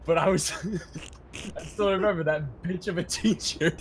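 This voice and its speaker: A man's voice: high voice, a little slow, a little hiss or hum. A man streaming, telling stories in a casual, profane, laughing way.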